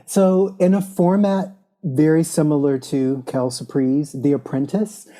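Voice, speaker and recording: A woman co-hosting a podcast, explaining things in a dry, measured casual way. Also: deep voice, fairly even intonation, mellow. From United States. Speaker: podcast co-host. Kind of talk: casual chat.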